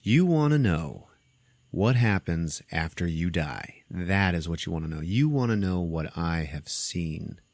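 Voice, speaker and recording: A man voicing a cold, seductive ancient female mummy in a slow, low, offhand way while retelling a film. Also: lively intonation, darkish tone, no room sound, studio quality, heavily acted. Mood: coolly menacing.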